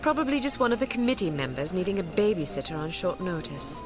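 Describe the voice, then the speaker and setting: A woman playing an impatient, sharp-tongued young spy. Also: fairly low pitch, animated, fast, over music, close to an everyday voice. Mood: frustrated. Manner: sharp, sarcastic.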